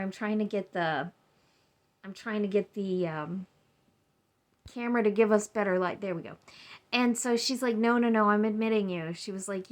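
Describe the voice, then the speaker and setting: A woman vlogger casually telling a personal story to her camera at home, rambling and acting out what other people said. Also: mid-range voice. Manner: chatty, rambling, acts out quoted people.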